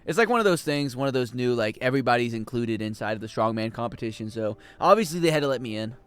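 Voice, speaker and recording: A man chatting casually and joking with his chat while he plays a game on a livestream, swinging between loud outbursts and mumbled asides. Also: medium pitch, animated, quick pace, clear, resonant tone. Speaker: game streamer.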